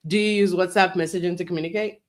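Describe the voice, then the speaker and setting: A woman's voice: on the low side, steady tone, quick pace, natural voice. A woman reading as a methodical questioning attorney. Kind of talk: live-stream reading of a transcript.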